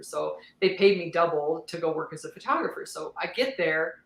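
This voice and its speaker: A woman guest on a podcast, telling her story in a candid, lively way, laughing often and acting out what others said. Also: sits low, normal speed, roomy sound, rough recording. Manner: animated, laughs often, acts out quoted voices.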